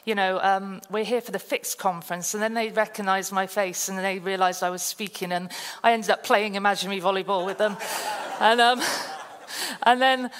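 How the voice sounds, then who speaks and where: A woman's voice: mid-range voice, normal speed, clean tone. Chatty woman from the English South Coast. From South Coast of England. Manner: chatty storytelling, lively and self-deprecating. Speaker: guest speaker at a conference. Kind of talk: testimony talk. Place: church hall. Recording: reverberant hall.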